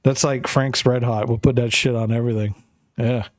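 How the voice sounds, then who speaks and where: A man's voice: mid-range voice, fairly even intonation, moderate pace, no room sound, clean studio sound. A man from Canada, a gaming streamer chatting casually with viewers in a rambling, profane, joking way. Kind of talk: casual chat while gaming.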